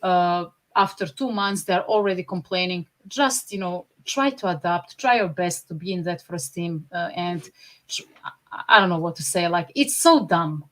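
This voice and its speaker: A woman's voice: fairly low pitch, animated, normal speed, hardly any pauses, a bit bright. A woman from a Slavic country, co-hosting a fan podcast in casual chat, blunt and temperamental, laughing often.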